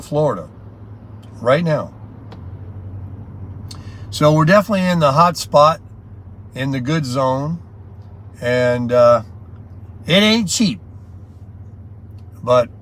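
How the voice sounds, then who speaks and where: A man talking in a casual, rambling, folksy vlog style. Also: fairly high pitch. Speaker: vlogger.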